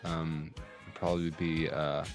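Deep-voiced hesitant young co-host. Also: male voice, level tone, a little slow, faint music behind. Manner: hesitant, lots of ums and soft restarts. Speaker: podcast co-host. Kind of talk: casual chat.

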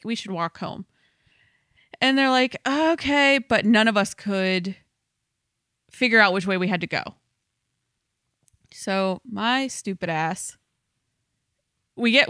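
A woman telling a wild story in casual podcast chat, animated and full of "like". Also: medium pitch, no room sound, studio quality.

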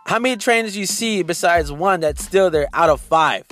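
A man's voice: high-pitched, expressive, moderate pace, fairly bright tone, faint music behind. A man hosting a podcast, telling a story in a casual, indignant rant and addressing his listeners directly. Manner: indignant, talks straight to listeners. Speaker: podcast host.

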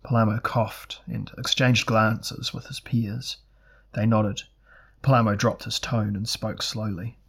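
Husky low-voiced male audiobook narrator. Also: little pitch movement, fairly bright tone. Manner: measured, deliberate reading.

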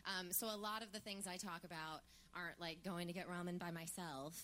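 A woman's voice: fairly low pitch, a little fast. Chatty woman co-hosting a live podcast. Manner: chatty, animated storyteller with many fillers. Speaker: podcast co-host. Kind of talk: live podcast banter and storytelling. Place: theatre stage before a live audience.

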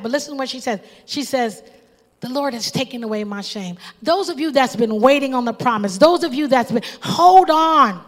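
Woman preacher, high voice, impassioned sermon delivery, long reverb. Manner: impassioned, calls out to the congregation.

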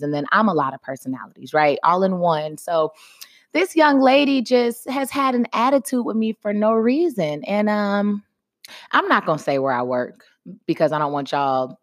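A woman co-hosting a podcast, telling stories animatedly and talking straight to the audience. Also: lowish voice. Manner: animated storyteller, talks to the audience as "y'all". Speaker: podcast co-host. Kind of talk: casual chat.

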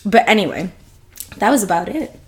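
A woman co-hosting a podcast, telling stories in casual chat, animated and full of "like". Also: medium pitch, normal speed. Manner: animated storyteller, says "like" a lot. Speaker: podcast co-host.

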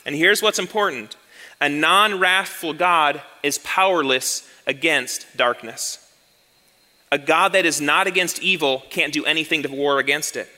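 A male pastor giving an earnest sermon, slowing down and repeating key lines for emphasis. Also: on the high side, bright, forceful tone, big-room sound.

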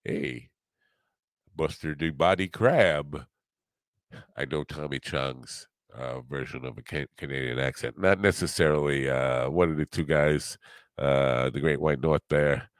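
An older man hosting a podcast in casual, rambling chat, halting often and joking at his own expense. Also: extremely low pitch, no room sound. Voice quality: rambling, halting, self-deprecating. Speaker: podcast host.

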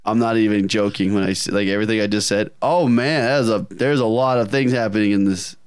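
A man's voice: on the low side, fast, clear, resonant tone, dry recording, clean studio sound. A man co-hosting a gaming podcast, chatting casually and animatedly, often laughing. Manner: animated, laughing, putting on silly voices in anecdotes. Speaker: podcast co-host.

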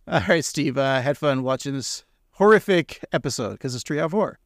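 A man's voice: medium pitch, expressive, brisk, no echo, studio quality. A man co-hosting a casual podcast, rambling and joking, laughing often. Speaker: podcast co-host.

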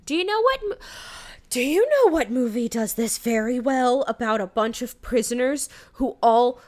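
A woman's voice: fairly high pitch, animated, moderate pace. A young woman casually recapping a movie plot in a rambling, chatty way, laughing now and then.

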